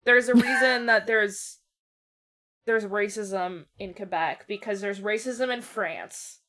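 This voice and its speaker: A young woman co-hosting a horror podcast, chatting casually and joking with quick asides. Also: mid-range voice, fairly bright tone. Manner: joking, swearing, fast asides. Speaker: podcast co-host. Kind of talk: casual chat over a horror film.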